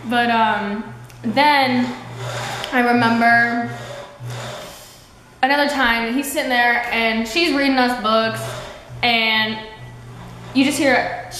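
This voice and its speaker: A teenage girl vlogs in a fairly high, bright, forceful voice, speaking slowly with frequent pauses and fairly even intonation. She rambles chattily through childhood stories and acts out quotes. The room is very echoey, with faint background noise and a sewing machine running.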